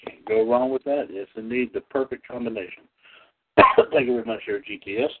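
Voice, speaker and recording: A man's voice: medium pitch, brisk. A man from the North Carolina area hosting a radio show in a folksy, chatty manner, reading wrestling history. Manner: folksy, chatty, coughs and clears throat, lively. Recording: tinny phone-line audio.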